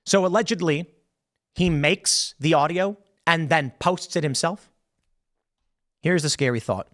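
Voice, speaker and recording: A man's voice: fairly high pitch, unhurried. Man hosting casual opinion commentary. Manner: casual, animated, rhetorical questions. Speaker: show host.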